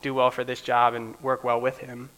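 A young man preaching in a relaxed, conversational way, often checking in with "right?" and acting out the people he quotes. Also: medium pitch, moderate pace, clean tone. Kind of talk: casual teaching sermon.

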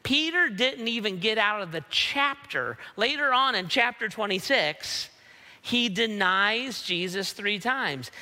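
A male pastor delivers a conversational sermon and often checks in with "right?". His voice is bright and sits high. A long reverb rolls through the large hall. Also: lively intonation, measured pace. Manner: conversational, keeps asking "right?".

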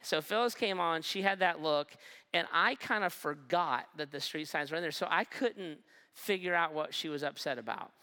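A pastor preaching a sermon and telling a humorous personal story, acting out the dialogue and slowing down for emphasis. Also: medium pitch, bright, forceful tone, clean tone.

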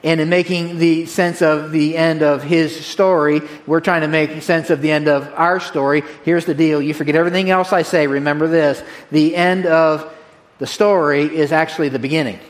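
A man preaching a sermon to his congregation in a direct, energetic, folksy way, repeating key phrases. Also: a little high, normal speed. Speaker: pastor.

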